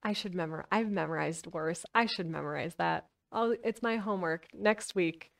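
A woman's voice: lowish voice, moderate pace, gravelly, recorded from a distance. A woman streamer chatting casually with viewers and reading a book aloud, giggly and full of fillers.

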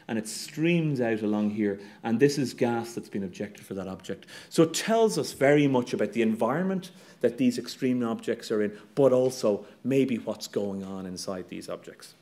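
A middle-aged Irish man, an astronomy professor, giving a lively, humorous public talk with slides and plenty of ums and uhs. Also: mid-range voice, moderate pace. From Ireland.

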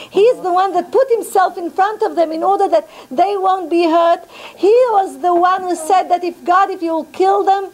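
A woman with a very high voice gives a religious lesson to a women's class. She tells the story with animation, going back over her phrases and mixing in words. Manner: animated storyteller, repeats phrases, mixes in Hebrew. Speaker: rabbanit teaching a women's class.

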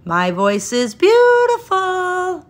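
A woman voicing a shy young immigrant schoolboy, high and slow with a childlike, questioning manner. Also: big pitch swings, a bit bright, slightly rough, heavily acted. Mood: bright singing.

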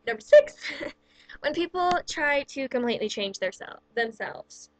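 A woman's voice: on the high side, expressive, a little slow, fairly bright tone, poor audio. A woman vlogger ranting casually through a countdown list of pet peeves, exasperated and sarcastic, with plenty of "like" in her speech. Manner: exasperated, sarcastic, heavy use of "like".

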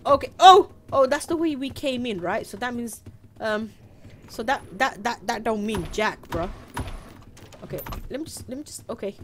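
A British woman streaming a game live, chatting to viewers, squealing and shouting as she plays. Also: on the high side, moderate pace, a little hiss or hum. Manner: excitable, squeals and shouts while playing. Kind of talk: live gameplay commentary.

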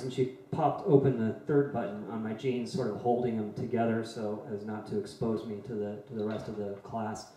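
A man in his forties telling a personal story in a soft, halting way before playing a song. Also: lowish voice, flat delivery. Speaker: singer-songwriter. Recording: very echoey room.

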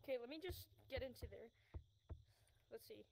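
A woman's voice: on the high side, lively intonation, normal speed, creaky, darkish tone. A woman live-streaming a VR game, chatting casually and rambling with lots of fillers and restarts into a headset mic.

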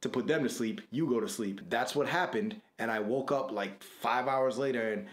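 A middle-aged man talks through relationship advice with candid, storytelling ease. His voice sits at an ordinary pitch, and the room around him rings noticeably. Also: normal speed, reverberant. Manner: candid, storytelling, laughs often. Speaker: co-host of an advice show. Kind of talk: casual advice chat.

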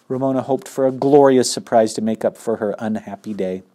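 Expressive man reading a children's book aloud. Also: mid-range voice, moderate pace. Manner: expressive, stops to ask listeners questions. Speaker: storybook reader.

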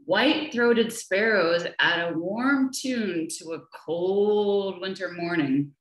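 A woman reads a picture book to young children at a very unhurried pace. She speaks gently and keeps asking them questions. Her voice sits in a middle pitch and is captured over a webcam in an echoey room. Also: animated. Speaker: children's nature program educator. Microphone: laptop or webcam for a video session.

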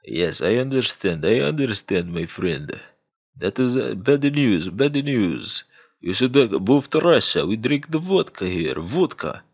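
A man's voice: on the low side, sing-song, pitched above the performer's own voice, full character voice. Man doing a Russian male crook, thick accent, stiff broken speech, slightly raised voice. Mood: calm. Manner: measured, stiff broken phrasing.

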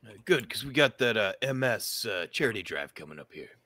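A man voicing a gruff fire station chief taking a call. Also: on the low side, sing-song, brisk, pushed and bright, heavily acted.

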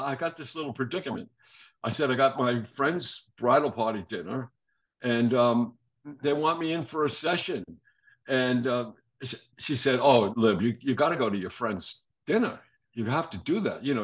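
Animated older man telling stories. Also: mid-range voice. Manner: animated storyteller, laughs often, acts out quoted voices. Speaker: drummer guest. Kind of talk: casual interview storytelling. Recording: dull lo-fi audio.

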